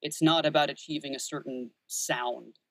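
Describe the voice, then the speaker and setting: In a casual interview chat, this voice actor and audiobook narrator from Texas, USA, in his thirties, talks thoughtfully with plenty of fillers and restarts. His voice is on the high side and creaky, with a steady tone and moderate pace, recorded with no room sound.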